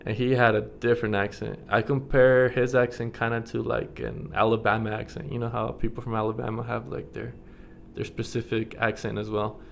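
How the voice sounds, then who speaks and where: A man's voice: medium pitch, flat delivery, brisk, vocal fry, hardly any pauses, a little hiss or hum. A young man from the United States talking casually to his camera in a rambling vlog, full of fillers and frequent chuckles. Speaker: vlogger.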